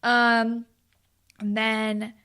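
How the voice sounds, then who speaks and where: A woman's voice: fairly high pitch, completely flat delivery, extremely slow, pushed and bright, clean tone. A young woman co-hosting a podcast, recapping the plot in casual chat and swearing now and then. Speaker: podcast co-host.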